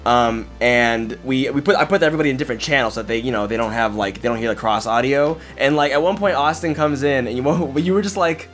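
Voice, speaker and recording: A man's voice: mid-range voice, fast talker, hardly any pauses, fairly bright tone, soft background music. Rambling man hosting a casual chat. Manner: rambling, filler-heavy, self-interrupting. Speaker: podcast host.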